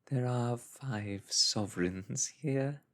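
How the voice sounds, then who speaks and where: Guy whispering a creepy older man, slow and quiet menace, breathy storybook whispered role-play. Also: medium pitch. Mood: quietly menacing. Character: sinister older man, softly menacing, giggling.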